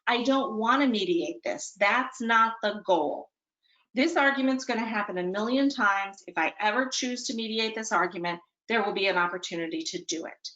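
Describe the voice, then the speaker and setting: A woman's voice: medium pitch, moderate pace, fairly bright tone. Wry woman presenter on a dull-sounding call. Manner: conversational, punctuates points with "okay?"; dry, self-mocking humor. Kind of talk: webinar talk for parents.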